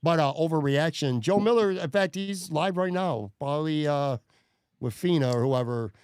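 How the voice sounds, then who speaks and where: Guy hosting a sports podcast, kinda high voice, laid back, dry mic sound. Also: normal speed, a little mellow, clear, resonant tone, no room sound. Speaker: podcast host. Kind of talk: casual chat.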